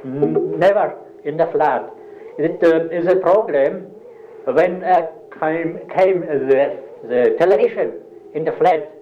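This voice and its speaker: Older German-Russian-accented man, interviewee, halts and searches for words; slightly high voice on a dull lo-fi recording. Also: dark tone. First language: Black Sea German dialect. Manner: halting, searching for words, many pauses. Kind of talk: hesitant oral-history interview. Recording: dull lo-fi recording, faint hiss.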